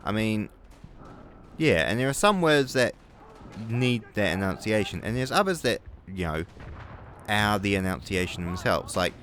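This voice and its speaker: A man's voice: on the low side, sing-song, moderate pace, a bit bright, a little hiss or hum. A young New Zealand man with a New Zealand accent, rambling and swearing through gameplay commentary, with angry outbursts. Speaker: gaming video creator.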